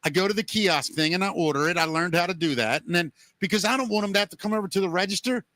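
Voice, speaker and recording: A podcast host man tells stories in a loose, rambling way, leaning on "you know" again and again. His voice sits high and sounds bright and forward. The sound is dry and close. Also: fast, no echo. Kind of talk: casual chat, storytelling.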